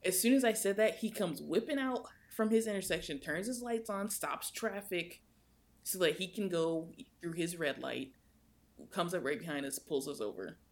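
Young woman, podcast co-host, gravelly fry, lively storyteller. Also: normal speed. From United States. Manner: animated, swings in pitch while telling a story. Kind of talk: casual storytelling chat.

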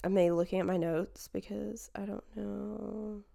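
A woman's voice: medium pitch, steady tone, unhurried, vocal fry, dark tone. A young woman talking casually about a movie, rambling and full of fillers and self-corrections. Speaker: movie reviewer. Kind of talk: casual chat.

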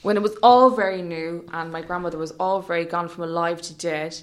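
An Irish woman in casual chat, telling an animated story and acting out voices with big jumps in pitch. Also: brisk.

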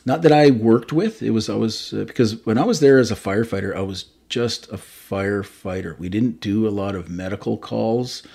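A Canadian fire chief in his fifties tells stories in a casual interview, rambling and correcting himself along the way. His voice is fairly low and dark with vocal fry, and he talks at normal speed with hardly any pauses.

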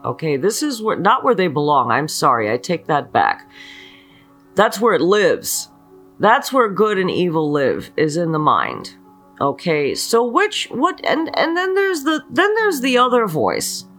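Slow, earnest spiritual teacher. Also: medium pitch, big pitch swings, fairly bright tone, soft background music. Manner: earnest, asks many rhetorical questions, often checks in with "okay". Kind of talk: slow motivational spiritual talk leading a mantra.

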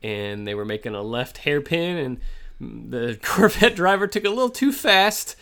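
Guy cohosting a racing podcast, bright voice, kinda rambly, lots of uh. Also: on the high side, very animated, normal speed, gravelly. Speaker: podcast co-host. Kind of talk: casual chat.

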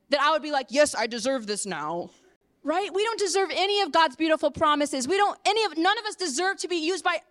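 A woman preacher giving an earnest sermon and personal testimony, moving from hushed to impassioned. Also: sits high. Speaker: apostle and preacher.

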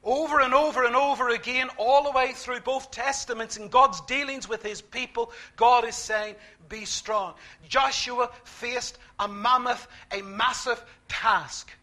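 A man preaching a sermon, emphatic, repeating key phrases and swinging between quiet, slow lines and loud ones. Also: extremely high pitch.

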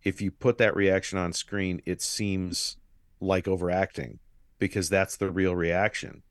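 A man's voice: low voice, level tone, unhurried, dry recording, studio quality. A man co-hosting a podcast, talking through a film in a thoughtful, hedging, casual way. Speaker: podcast co-host. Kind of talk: casual movie discussion.

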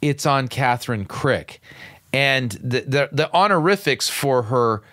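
A man's voice: medium pitch, expressive, a little slow, fairly bright tone, dry recording, clean studio sound. A man hosting a radio show, giving sarcastic, incredulous commentary on video clips, often stumbling and restarting. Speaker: radio show host and pastor.

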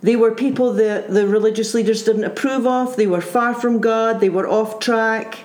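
A woman's voice: on the high side, moderate pace, a little mellow. A woman preacher giving an earnest sermon, full of rhetorical questions and repeated phrases. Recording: roomy echo.

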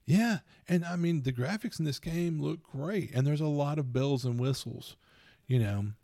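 Middle-aged guy rambling thru a gaming story, gravelly voice, dry close mic. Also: on the high side, normal speed, no room sound. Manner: rambling, animated storytelling with laughs. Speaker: podcast co-host. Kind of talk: casual chat.

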